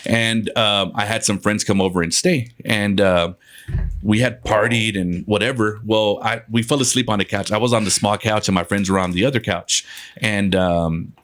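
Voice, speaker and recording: Man, low-pitched voice, from West Texas, podcast guest, casual ghost-story telling, loose and chatty, swears. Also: steady tone, moderate pace, fairly bright tone. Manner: loose and conversational, swears, laughs between lines.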